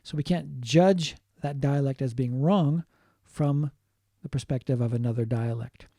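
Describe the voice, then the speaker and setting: A man giving a linguistics lecture, explaining slowly, repeating key points and adding short Japanese glosses. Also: medium pitch, dark tone, dry recording, studio quality. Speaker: linguistics teacher. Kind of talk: online lecture.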